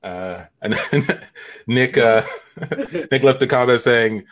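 A man's voice: medium pitch, slow pace. A man doing an improv comedy scene on a livestream. He sounds exasperated and laughs often. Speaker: improv performer and stream host.

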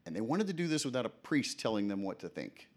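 A man's voice: fairly low pitch, very animated, fast talker. A male preacher giving a sermon in a conversational way, often asking the audience questions.

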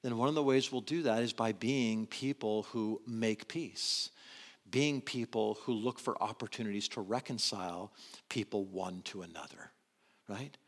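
A man preaching a sermon in an animated way, swinging between loud emphasis and quiet asides. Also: fairly low pitch, normal speed. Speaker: pastor.

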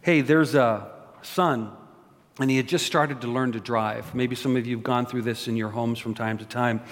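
A man's voice: mid-range voice, fairly even intonation, normal speed. A man preaching a sermon as a pastor, joking and asking his congregation questions. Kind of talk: sermon with prayer. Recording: long reverb of a large hall.

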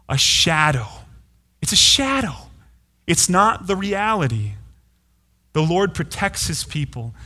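A man's voice: on the high side, bright, forceful tone. A pastor giving a sermon, earnest and emphatic, repeating key phrases to drive his point home. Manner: earnest, emphatic preaching with repetitions.

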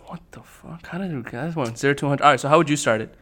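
A young man hosting a casual podcast, upbeat and quick to laugh, easily flustered by his co-hosts. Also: a little high, a bit bright. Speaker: podcast host.

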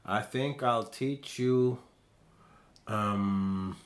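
A man's voice: on the low side, drawn-out words. A man from Iceland co-hosting a podcast, chatting casually with a lot of hesitation and restarts. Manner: hesitant, many fillers and restarts. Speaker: podcast co-host. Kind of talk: casual chat.

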